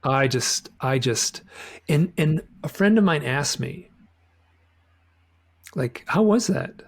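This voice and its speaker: A man's voice: medium pitch, lively intonation, slow. A man talking as a guest author in a casual interview, rambling with many restarts and repeated words.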